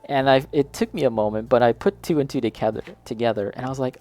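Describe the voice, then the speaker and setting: A man's voice: mid-range voice, fast, few pauses, darkish tone. Chatty man building a model kit. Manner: chatty, talks directly to a friend in chat, laughs often. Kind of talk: casual chat while building.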